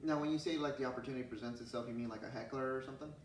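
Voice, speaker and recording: A man's voice: medium pitch, fairly even intonation, racing, slight background noise. A man hosting a comedy podcast, asking rambling questions full of "like". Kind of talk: casual interview chat. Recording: roomy echo, distant mic.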